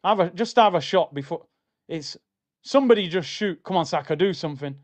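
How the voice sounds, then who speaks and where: A man's voice: sits high, expressive, fairly quick. A young adult man hosting a live football watchalong stream, reacting to the match and reading out chat messages in an exasperated, slangy rant.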